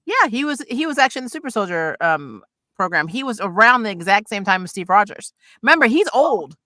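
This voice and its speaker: A woman with a bright, forceful voice talks casually about comics and films, animated and full of quick asides. The recording is dry and close. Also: medium pitch, no room sound. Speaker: podcast co-host.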